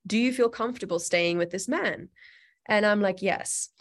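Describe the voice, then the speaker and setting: A woman's voice: mid-range voice, normal speed. A woman telling a personal story as an interview guest, earnest and chatty, with many "like" and "you know" fillers.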